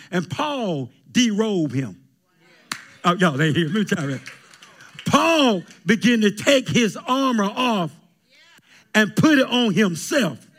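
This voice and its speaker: A male preacher with a high, expressive voice that leaps all over the place, delivering an animated, playful sermon full of call and response. He jokes with the congregation and speaks. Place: church sanctuary.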